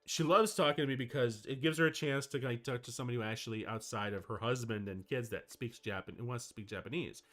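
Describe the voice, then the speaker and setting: A man streaming casual chat, telling a story in an animated way with frequent restarts. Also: medium pitch, fast talker, hardly any pauses.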